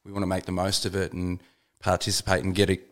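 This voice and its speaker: A man's voice: low-pitched, monotone, quick pace, a bit bright. An Australian man co-hosting a podcast, telling stories in a laid-back, rambling, sweary way. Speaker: podcast co-host. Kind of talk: casual chat and storytelling.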